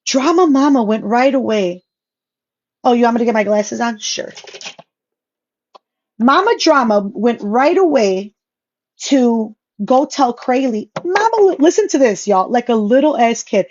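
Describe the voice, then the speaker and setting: A woman's voice: on the high side, a little slow, long pauses, a little mellow, highs cut off, slight background noise. Blunt, profane woman ranting on a vlog. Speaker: social media vlogger.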